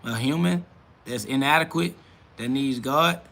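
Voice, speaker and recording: Gravelly, combative male live streamer. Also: mid-range voice, a little slow, pushed and bright. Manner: combative, profane, answers chat comments. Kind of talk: ranting live stream talk.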